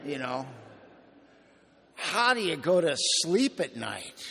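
A man's voice: a little high, sing-song, slow pace, vocal fry, sharp tone, husky. A man speaking at a recovery meeting, telling his story with gritty slang and dry humor. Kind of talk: personal testimony talk. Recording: echoey hall.

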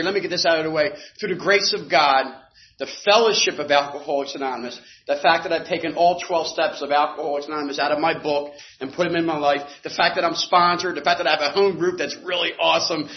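Loud joking man addressing a crowd. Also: a little high. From New Jersey. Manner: loud, joking, fast-talking. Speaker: recovery meeting speaker. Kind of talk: energetic speech to a crowd. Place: large hall with a crowd. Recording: lo-fi live hall recording.

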